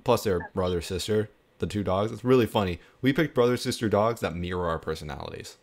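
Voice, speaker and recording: A man with a very low voice talks in a loose, rambling way over an internet call. He laughs often and drifts from one story to the next. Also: a little fast. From Arizona. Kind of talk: casual chat.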